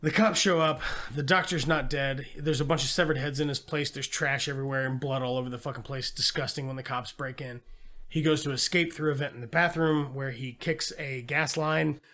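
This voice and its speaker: A man's voice: mid-range voice, steady tone, fairly quick, fairly bright tone. A man co-hosting a podcast, casually retelling a film's plot with lots of swearing and quoted voices. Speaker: podcast co-host. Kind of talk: casual movie review chat.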